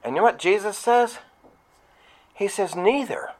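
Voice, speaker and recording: Man preaching a conversational sermon. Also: moderate pace. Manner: conversational preaching with asides to the congregation; acts out quoted speech with sharp rises in pitch. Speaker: pastor.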